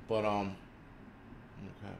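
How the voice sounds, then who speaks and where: A man's voice: fairly low pitch, gravelly, fairly bright tone, slight background noise. Foul-mouthed man ranting combatively. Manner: swears constantly, crude and combative. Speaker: host of a prepping channel. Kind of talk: profane livestream rant. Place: indoors in a city.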